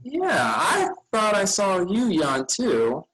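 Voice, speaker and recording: Sleepy guy w a husky voice, bible school leader rambling to the kids. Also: high-pitched, wildly swooping pitch, takes it slowly, a bit bright, low-quality recording. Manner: rambling, friendly, loses his train of thought. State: tired, yawning. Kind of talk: casual chat with children.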